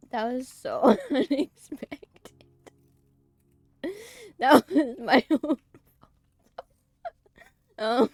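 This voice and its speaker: Woman streamer, casual gameplay chat, slow and chatty, dry close sound. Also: mid-range voice, vocal fry, no room sound. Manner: chatty, easily startled, giggly. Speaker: streamer playing a game.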